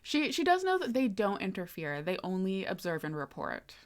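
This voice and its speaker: A woman in a relaxed, conversational voice runs a tabletop game session. She narrates loosely, full of little fillers and laughs, at an ordinary mid pitch. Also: moderate pace. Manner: easygoing, laughs often, many fillers. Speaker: game master.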